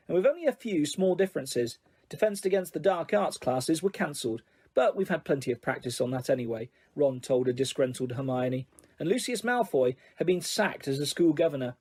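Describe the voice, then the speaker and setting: A man narrating a fantasy audiobook in a calm, steady reading voice with a breathy tone. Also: on the high side. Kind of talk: storybook narration.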